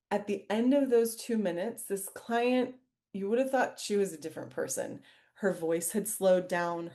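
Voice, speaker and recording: Woman, somatic coach, lowish voice, easy laughs, live webinar over a video call. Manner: warm, reflective, laughs lightly, reads chat aloud. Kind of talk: live online workshop, guided reflection.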